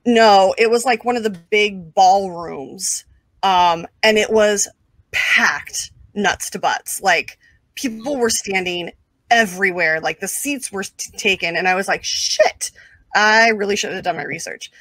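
A woman of mid pitch spins a casual anecdote as an interview guest, animated and peppered with filler words and quick asides. The recording is dry and close, with no room sound around her. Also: dry recording. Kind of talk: casual storytelling.

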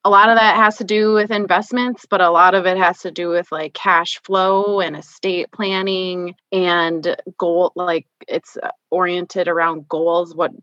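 A woman's voice: on the low side, flat delivery, a little slow, hardly any pauses, fairly bright tone, no room sound. A woman in her thirties with a Minnesota accent, chatting candidly as a podcast guest and often using "like" as a filler. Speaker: guest, financial planner. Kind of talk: casual podcast conversation. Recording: dull lo-fi remote audio.

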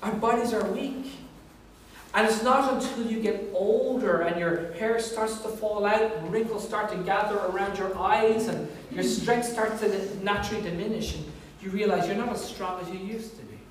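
A middle-aged man, preaching a sermon with animated, self-mocking storytelling. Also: high-pitched, moderate pace, slight background noise. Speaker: pastor. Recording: echoey hall, voice from a distance.

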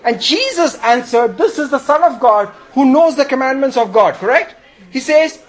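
High-pitched man preaching a sermon, emphatic, asks the congregation questions and draws their responses. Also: animated, moderate pace. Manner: emphatic, with sudden jumps in pitch and volume.

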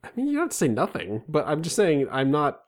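A man's voice: a little high, fast talker. A man in his thirties, co-hosting a comedy podcast, telling self-deprecating stories and slipping into silly voices. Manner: self-deprecating, animated storyteller with put-on voices. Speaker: podcast co-host. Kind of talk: comedic banter.

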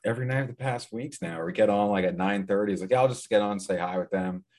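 A man's voice: lowish voice, fast, darkish tone. A man chatting easily as a co-host of a casual podcast.

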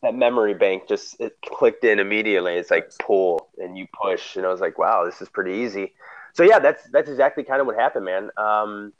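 A man casually telling a story, animated, acting out what people said with sudden loud, high bursts. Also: fairly quick, dull audio.

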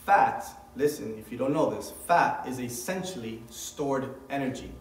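A man's voice: mid-range voice, moderate pace, reverberant, far from the mic, slight background noise, poor audio. A man preaching as a pastor, reading scripture aloud and then explaining it with rising emphasis. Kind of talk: sermon.

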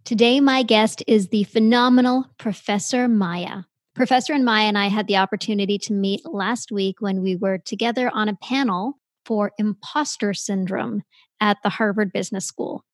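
A woman's voice: mid-range voice, normal speed, no room sound. Upbeat podcast host woman, dry sound. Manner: upbeat, effusive. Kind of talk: scripted podcast introduction.

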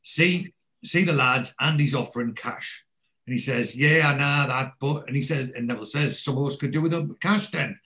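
A man's voice: mid-range voice, moderate pace, rough recording. A man in casual chat, retelling a TV episode, swearing freely and acting out the characters' lines. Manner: animated storyteller, swears freely, acts out quoted lines.

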